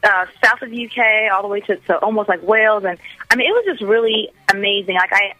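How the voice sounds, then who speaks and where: Bright, bubbly American woman musician. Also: mid-range voice, lively intonation, fast, low-quality recording. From United States. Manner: enthusiastic, gushing, many restarts. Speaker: musician guest. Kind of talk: casual radio interview chat.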